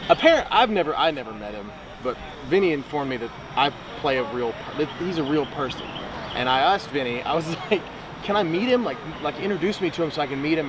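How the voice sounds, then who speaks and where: Guy actor telling funny set stories, acts out quotes, street noise behind him outside. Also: mid-range voice. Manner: animated storyteller, acts out quotes. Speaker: actor guest. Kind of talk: casual interview chat. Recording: outdoor interview with clear street noise.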